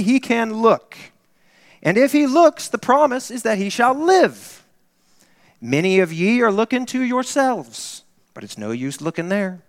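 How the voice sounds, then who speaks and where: A man's voice: high voice, gravelly, a bit bright, studio quality, voice pushed up, full character voice. A man voicing a plain-spoken, fervent male lay preacher who pleads urgently and repeats his words. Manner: impassioned and emphatic, repeating words. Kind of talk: acted quote within a sermon. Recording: reverberant hall.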